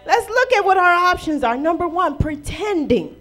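High-voiced woman preaching a lively sermon. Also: normal speed, faint music behind. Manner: lively preaching with rhetorical questions and playful acted quotes. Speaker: pastor.

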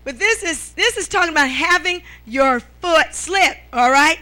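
A woman's voice: very high voice, expressive, a little slow, hardly any pauses, bright, forceful tone. A middle-aged woman preaching a sermon, with calls of amen and hallelujah and frequent "all right?" to the congregation.

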